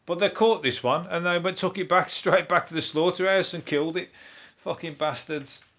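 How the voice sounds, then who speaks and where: A man's voice: sits high, moderate pace, fairly bright tone. A man with a Birmingham accent hosting a casual solo podcast, rambling loosely, swearing often and chuckling to himself. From Birmingham, England. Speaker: podcast host and comedian.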